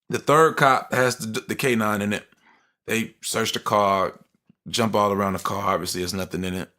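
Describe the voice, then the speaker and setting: A young adult man co-hosting a podcast, telling a personal story in animated, slangy casual talk. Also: fairly low pitch, normal speed. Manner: animated storytelling, slangy, acts out quoted voices. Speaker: podcast co-host.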